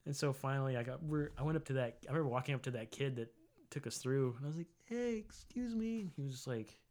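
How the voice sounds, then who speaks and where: A man in his forties from Tennessee, co-hosting a podcast and telling a story in loose casual chat, full of "like" fillers, jumping into a high voice for quotes. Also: steady tone, racing, darkish tone. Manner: rambling, lots of "like" fillers, acts out quotes in a high voice. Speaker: podcast co-host.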